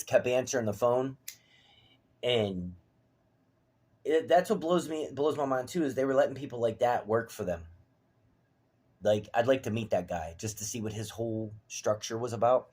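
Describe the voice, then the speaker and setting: A man ranting to the camera, profane and heated, veering from low mutters to shouts. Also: normal speed. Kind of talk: angry personal rant to camera.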